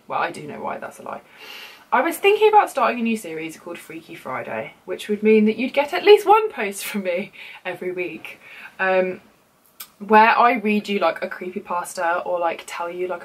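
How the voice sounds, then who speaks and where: A woman's voice: medium pitch, poor audio. A woman in her mid-twenties talks straight to camera in a loose, chatty way. She wanders with "like" and "um" as she chats and then reads a spooky tale aloud in an ordinary mid-range voice. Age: 20s. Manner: chatty and rambling, many likes and ums. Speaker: beauty YouTuber. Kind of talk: casual vlog chat and reading a creepy story aloud.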